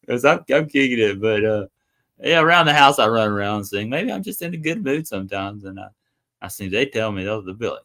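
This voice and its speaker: A man's voice: lowish voice, fast, fairly bright tone. A young man, hosting a casual livestream and rambling to viewers. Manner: rambling, chatty, talks to viewers. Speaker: livestream host.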